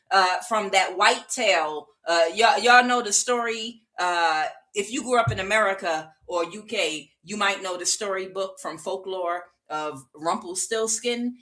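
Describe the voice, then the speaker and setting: A woman's voice: mid-range voice, expressive, a little slow, a bit bright. A woman giving a casual tarot reading, chatty and rambling, with frequent fillers and laughter. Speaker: tarot reader.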